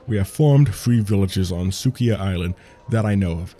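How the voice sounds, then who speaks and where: A man's voice: sits low, normal speed, mellow. A man reading the lines of a proud, guarded male tribe leader of creature servants in a fantasy game, stumbling and restarting as he reads.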